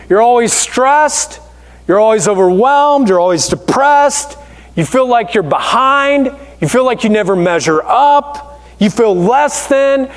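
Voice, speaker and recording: A male pastor delivers a sermon with a strikingly high voice, telling stories in a lively, conversational way. His words ring out through a big, echoing church hall. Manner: storytelling, conversational and animated. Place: church sanctuary.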